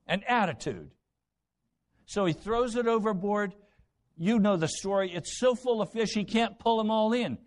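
A man's voice: sits high, lively intonation, moderate pace. A man preaching a sermon, retelling Bible stories with dramatic voices and rhetorical questions. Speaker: pastor.

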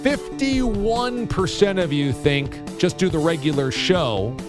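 A man hosting a sports radio show, telling stories in a lively, chatty way. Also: on the high side, takes it slowly, music in the background. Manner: animated, laughing, storytelling.

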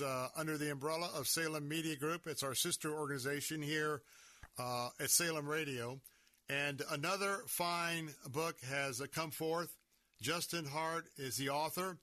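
A man's voice: a little high, bright, forceful tone, no echo. A man hosting a conservative talk radio show from a studio, speaking emphatically and sounding worked up. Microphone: studio microphone.

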